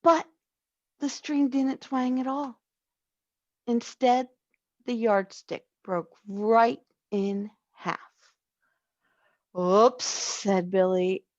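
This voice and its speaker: A woman reading a children's story aloud, slow and expressive. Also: a little high, no echo, lo-fi sound. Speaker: story reader.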